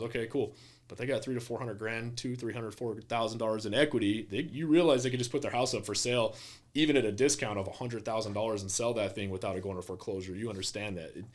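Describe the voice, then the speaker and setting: On a podcast, a man who sells real estate talks casually and performs his clients' lines with plenty of energy. His voice sits on the low side.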